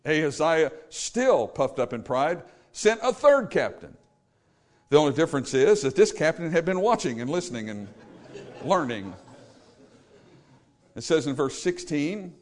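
A man preaching a sermon, emphatic and animated, paraphrasing scripture and acting out the quotes. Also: mid-range voice. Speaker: pastor.

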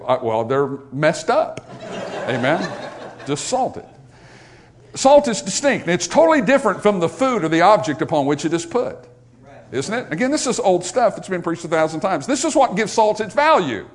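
Middle-aged guy preaching, high voice that jumps all over, folksy asides, gets loud on the big points. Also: big pitch swings, moderate pace, long pauses. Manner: folksy, joking asides to the congregation; swings from soft asides to loud emphatic points. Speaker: pastor. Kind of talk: sermon.

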